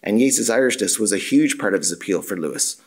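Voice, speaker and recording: A man with a fairly low voice reads his prepared paper at a university symposium. He is measured and formal. Now and then he stumbles on a word, adds an "uh" and corrects himself. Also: lively intonation. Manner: measured, formal reading with occasional filler and self-corrections. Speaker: academic lecturer. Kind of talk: reading a prepared conference paper.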